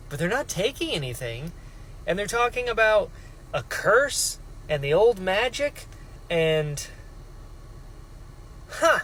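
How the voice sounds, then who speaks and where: A man excitedly talking through his reactions to a fantasy novel in a casual vlog, jumping into quick put-on voices for characters. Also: high voice, a little hiss or hum, rough recording. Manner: excitable, animated, mock-voicing characters. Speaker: book vlogger.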